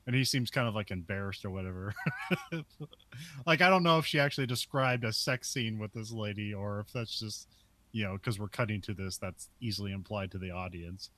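A man's voice: lowish voice, a little fast, pushed and bright. A man co-hosting a podcast, casually recapping film scenes and chuckling often. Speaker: podcast co-host.

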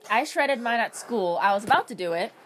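A woman's voice: on the high side, expressive, a little fast. A teenage girl co-hosting a casual podcast with friends, giggly and teasing, often talking over the others. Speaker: podcast co-host. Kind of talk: casual chat among friends. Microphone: phone recording. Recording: loud background noise.

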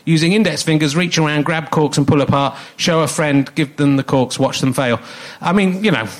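An English man with a fairly high voice opens a live comedy podcast on a theatre stage. He rambles and mocks himself in a dry, sarcastic way, with a faint hum of the room behind him. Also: normal speed. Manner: rambling, self-mocking, sarcastic. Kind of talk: live stand-up style podcast intro.

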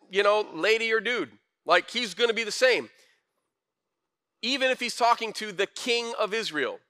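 A young man preaching a casual, conversational sermon with slang and animated asides. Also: high voice. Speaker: pastor.

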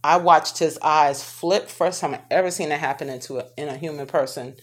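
A woman telling a painful personal story to her viewers, speaking haltingly with many restarts and pauses. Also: deep voice. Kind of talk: personal testimony to camera.

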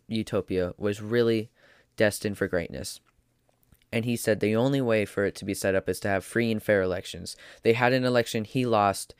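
A man's voice: fairly low pitch, clear, resonant tone, no echo, clean studio sound. A man delivering an opinion monologue as a podcast host, emphatic and preachy, hammering points through repetition.

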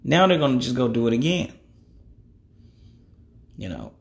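A man's voice: mid-range voice, very animated, moderate pace, vocal fry. A man in his thirties giving his opinions in a blunt, conversational monologue, cussing freely and leaning on "you know.". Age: 30s. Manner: frequent "you know" fillers. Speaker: podcast host.

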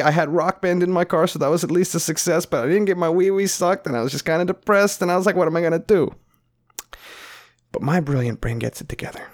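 Animated, profane man telling a story. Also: on the high side. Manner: animated, profane, laughs often. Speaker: comedian. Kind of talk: comedic storytelling.

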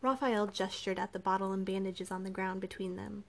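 A woman narrating an audiobook in an even, measured storytelling manner. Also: mid-range voice, creaky. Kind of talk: scripted narration.

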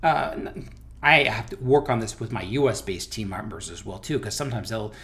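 An American man hosting a business interview, animated and full of restarts, leaning hard on stressed words. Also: lowish voice, moderate pace. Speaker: business owner and host. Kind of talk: conversational interview.

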